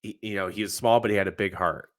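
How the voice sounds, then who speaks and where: A man co-hosting a casual podcast, excitable and profane, often acting out characters' lines in a higher voice. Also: fast talker. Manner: excitable, swears a lot, acts out characters' lines. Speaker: podcast co-host.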